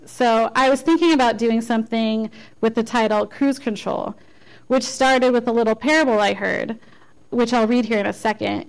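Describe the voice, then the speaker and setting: A woman delivers a church message in an informal, conversational way. Her voice sits a little high. She pokes fun at herself and often restarts her sentences. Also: low-quality recording. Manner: conversational, self-deprecating, with frequent restarts. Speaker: lay speaker giving a church message. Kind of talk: informal sermon.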